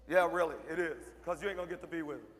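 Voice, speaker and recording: A man with a high-pitched voice delivers a motivational speech at a school assembly, firing short punchy lines and teasing the students in front of him. His voice carries a long reverb from the large hall. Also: fairly even intonation, racing, a bit bright. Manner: punchy, joking, talks straight to the crowd. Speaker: motivational speaker.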